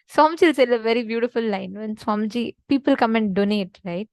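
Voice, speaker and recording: A woman's voice: fairly high pitch, brisk, few pauses, no room sound, low-quality recording. Earnest woman teaching devotion. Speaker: spiritual teacher.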